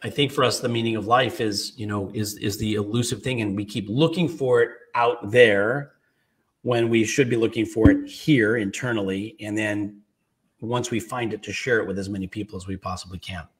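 Low-voiced man in his fifties, emotional. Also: steady tone, far from the mic. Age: 50s. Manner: halting, many restarts, tearing up as he tells a story. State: emotional, close to tears. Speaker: podcast co-host. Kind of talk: casual podcast chat.

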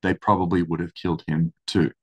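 A man reading a historical account aloud in steady storytelling, then commenting casually. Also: low-pitched, fairly quick, breathy edge. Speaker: religious study channel host.

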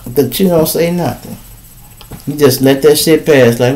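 A man's voice: mid-range voice, moderate pace, pauses often, darkish tone, rough recording. A man from Chicago hosting a podcast, giving casual, profane commentary and acting out quoted people in raised voices. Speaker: podcast host.

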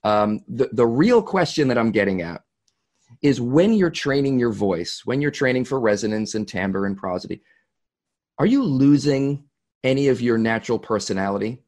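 A man's voice: mid-range voice, lively intonation, moderate pace, a little mellow. A man with a Boston accent interviewing a guest, asking reflective questions. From Boston, New England.

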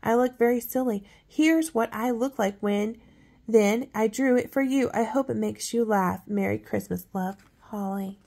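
A woman's voice: a little high, measured pace, gravelly, mellow. A woman reading out a little girl's sweet, earnest letter to Santa.

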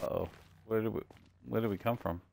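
A man's voice: fairly low pitch, steady tone, fairly quick, creaky, darkish tone. A man streaming gameplay live, chatting to his viewers and cracking puns as he plays. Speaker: gaming streamer.

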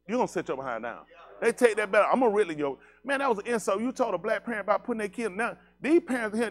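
Talking to his congregation, this pastor keeps things blunt, lively and conversational, with slangy phrasing. He asks the listeners questions and laughs a lot, and his voice sits high.

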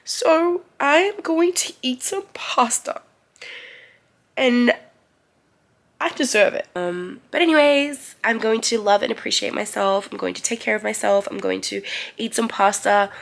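A young woman speaks openly in a personal vlog, tearful and emotional as she talks. Her slightly high voice carries a gravelly edge. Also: unhurried. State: crying. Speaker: vlogger.

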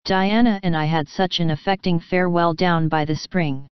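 A woman's voice: lowish voice, fairly even intonation, normal speed, smooth, no echo, dull audio, natural voice. A woman reading a dreamy, theatrical young girl. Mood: wistful. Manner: romantic, theatrical, old-fashioned phrasing. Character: dreamy, dramatic orphan girl, about eleven. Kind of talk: audiobook reading.

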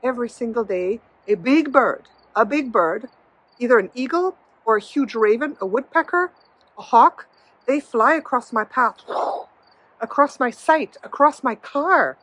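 A woman's voice: on the high side, expressive, unhurried, a bit bright, breathy edge, dry recording, low-quality recording. A woman giving a reassuring, casual spiritual pep talk outdoors, speaking straight to her viewers. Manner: soothing, reassuring, talks directly to viewer. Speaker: spiritual video host. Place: outdoors in nature.

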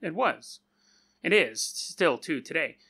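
A man's voice: on the high side, very animated, takes it slowly, pushed and bright, slightly rough. A man hosting a podcast, retelling a story in a chatty, joking way with offhand asides. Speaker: podcast host. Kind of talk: casual storytelling.

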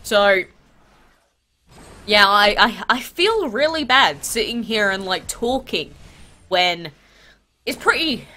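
A congested woman with a stuffy nose from a cold, hosting a mobile game channel in chatty, animated talk full of rhetorical questions. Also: mid-range voice, takes it slowly, pauses often. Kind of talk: casual gaming vlog chat.

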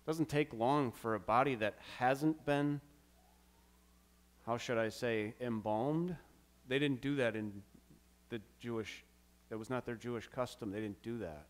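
Pastor preaching with dramatic swings. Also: male voice, fairly high pitch, measured pace, clear, resonant tone. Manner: dramatic, acts out quoted lines. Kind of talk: sermon. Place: church.

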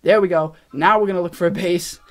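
A young man with a high, bright voice talks over his gameplay. He is excitable and rambling, addressing his viewers directly as he plays and reacting to each attack. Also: fairly quick. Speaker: gaming channel host. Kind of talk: casual gameplay commentary. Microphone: face cam.

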